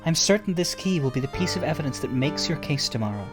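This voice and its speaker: A man reads a composed woman lawyer from a story game, quiet, measured and firm, with a voice that still moves freely in pitch. Faint music sits in the background. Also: lively intonation, natural voice. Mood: calm. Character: calm, composed female lawyer mentor.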